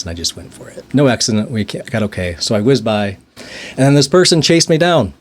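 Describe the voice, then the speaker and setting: A young man casually telling a story in a monologue, laughing often and restarting his sentences. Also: fairly low pitch. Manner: rambling, laughs often, restarts and repeats words. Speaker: vlogger.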